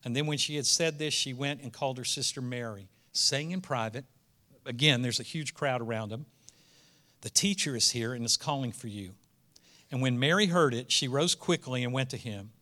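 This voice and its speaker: A man's voice: mid-range voice, brisk, sharp tone. A male preacher, reading scripture aloud and breaking into casual asides that build to emphatic peaks. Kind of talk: sermon.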